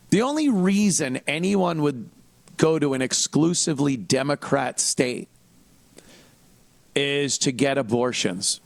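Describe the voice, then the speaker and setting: A man's voice: mid-range voice, no echo. A man hosting a podcast, talking through a blunt, profane and mocking monologue of commentary. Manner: blunt, profane, mocking, with frequent restarts and mimicry of others. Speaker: podcast host. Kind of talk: casual political commentary monologue.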